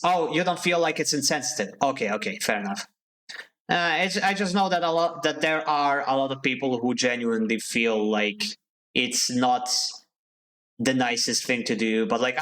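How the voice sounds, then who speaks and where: A man's voice: medium pitch, a bit bright. Chatty male game streamer. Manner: chatty, thinks aloud, answers chat. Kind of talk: casual live game commentary.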